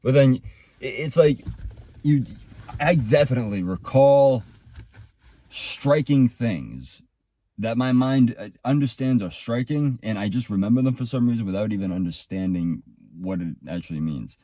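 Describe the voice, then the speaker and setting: A man's voice: mid-range voice, animated, normal speed, mellow, no room sound. A man in his thirties talking in a rambling, profane monologue, often restarting his sentences. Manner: rambling, profane, self-interrupting. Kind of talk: casual monologue.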